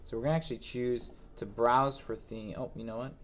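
A man reading each step of a software exercise aloud, then thinking aloud as he walks through it on screen. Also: medium pitch, fairly even intonation, fairly quick, slight background noise. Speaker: instructor. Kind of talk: screen-recorded software tutorial.

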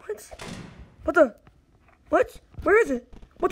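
High-voiced, jumpy woman gaming host. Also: takes it slowly, pauses often, low-quality recording. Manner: jumpy, excitable reactions, talks to viewers as "guys". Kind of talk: gameplay commentary.

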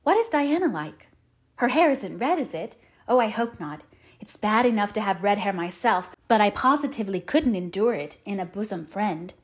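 In an audiobook reading, a woman voices a talkative, dreamy young orphan girl who chatters in eager, rapturous run-on sentences. Her mid-range voice is close to everyday speech, with lively intonation at a moderate pace.

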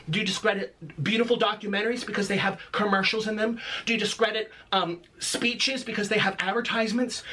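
A man's voice: high-pitched, background noise. A man delivering an angry, confrontational rant full of accusations and sarcasm. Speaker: video creator in an online feud.

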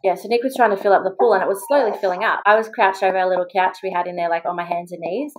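Fast-talking Australian woman telling a story. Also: mid-range voice, fairly even intonation, poor audio. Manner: chatty, quick, full of "like" and acted-out quotes. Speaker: podcast guest, mother. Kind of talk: casual storytelling in an interview.

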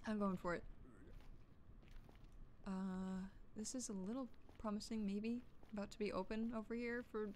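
A woman's voice: mid-range voice, fairly even intonation, moderate pace. A woman streamer chatting casually through gameplay, joking and swearing to herself and yelping when startled. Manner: chatty, profane, jokey self-talk; jumpy, yelps when startled. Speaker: gaming streamer.

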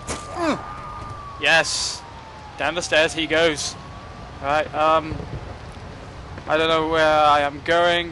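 A young man giving casual, excitable commentary while playing a game, joking and swearing at what happens on screen. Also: on the high side, extremely slow, background noise. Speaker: gaming commentator.

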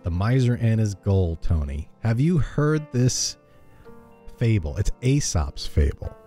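Lively low-voiced male radio co-host. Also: a little slow, faint music behind. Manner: chatty, laughs easily, lively reading. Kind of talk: casual chat and reading a fable aloud.

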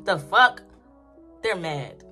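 A woman's voice: on the low side, lively intonation, drawn-out words, pushed and bright. Woman vlogger going off, cussing a lot, repeats herself for emphasis, faint music under her. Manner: profane, repetitive, emphatic preaching rant. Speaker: spiritual commentary vlogger. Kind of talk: ranting casual commentary.

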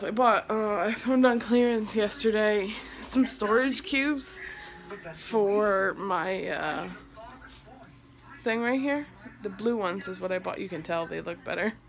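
A young woman chatting casually in a home vlog as a mom, talking through her day with her kids nearby. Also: medium pitch. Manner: chatty, talks to kids between remarks. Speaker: vlogger mom. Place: home, indoors.

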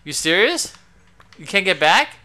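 A middle-aged man hosting a casual let's-play with his kid, excitable and slangy, laughing often. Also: high voice, measured pace. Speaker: gaming channel host and father.

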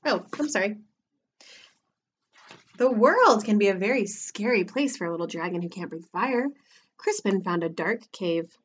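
A woman teacher reading a picture book aloud for preschool children, in an expressive, animated way. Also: mid-range voice, moderate pace. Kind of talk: storybook read-aloud for children.

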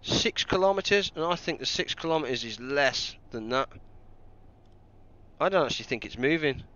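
A man's voice: medium pitch, lively intonation, moderate pace, sharp tone, highs cut off. A man doing live commentary on a game he is playing, thinking aloud and joking at his own mistakes. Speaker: game streamer.

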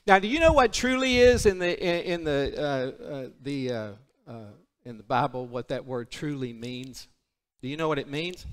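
A man preaching a sermon, alternating emphatic declarations with hushed, intimate passages. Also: on the high side, animated, normal speed, clear, resonant tone. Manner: emphatic, drops to a hushed intimate voice for solemn points.

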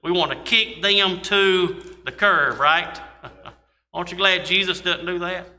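A man's voice: high-pitched, slow pace, sharp tone. A man preaching a sermon, reading scripture and adding folksy asides. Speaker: pastor. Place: church sanctuary. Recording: long church reverb.

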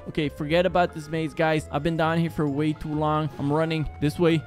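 A man's voice: fairly high pitch, level tone, fairly quick, hardly any pauses. A young man in gaming commentary, talking to viewers and getting panicky as he runs through a maze. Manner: jumpy, panicky, talks to viewers as guys. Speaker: gaming YouTuber. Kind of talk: horror game commentary. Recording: game music behind.

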